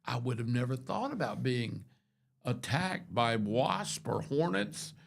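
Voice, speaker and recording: Gravelly older man rambling through stories. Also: medium pitch, big pitch swings, a little slow, a little hiss or hum. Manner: rambling storyteller with many restarts and asides. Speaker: radio show host. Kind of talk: casual morning show chat.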